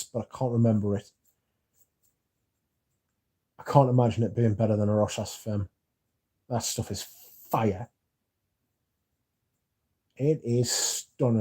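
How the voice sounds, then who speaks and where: A young man with a British accent and a mellow, medium-pitched voice reads his livestream chat aloud. He sounds drowsy, yawning, talking casually with many filler words.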